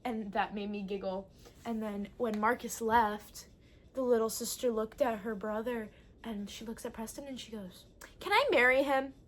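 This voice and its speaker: Brief: young woman, book vlogger, high-ish voice, excitable and sweary, casual chat. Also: moderate pace, background noise. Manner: excitable, gushing, swears a lot.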